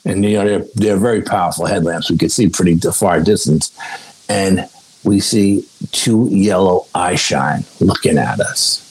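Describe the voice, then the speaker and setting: A man telling a story in casual talk, animated and swearing freely, acting out the dialogue. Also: low voice, measured pace, breathy edge, poor audio. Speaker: guest, paranormal investigator.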